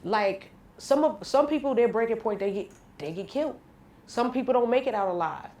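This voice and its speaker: A woman's voice: a little high, expressive, moderate pace, a little mellow, echoey room. A woman guest in a candid radio interview, telling a personal story bluntly and with slang.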